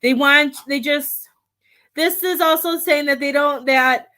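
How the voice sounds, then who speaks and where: Woman, tarot reader and medium, somewhat high voice, talkative and heartfelt, laughs a lot, gets emotional. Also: measured pace. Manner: chatty, warm-hearted, laughs often between thoughts; emotional, near tears at times. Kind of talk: live tarot reading.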